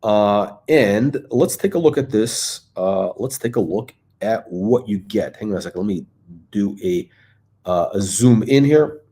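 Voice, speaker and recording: A man's voice: lowish voice, a little mellow. Rambling, casual male livestream host. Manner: rambling, with many fillers and restarts.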